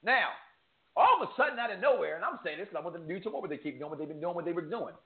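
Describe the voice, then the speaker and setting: A man hosting a sports betting show, joking and bantering, swinging from loud hype to low asides. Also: expressive, very fast. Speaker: sports picks show host. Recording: echoey room over a tinny phone-like line.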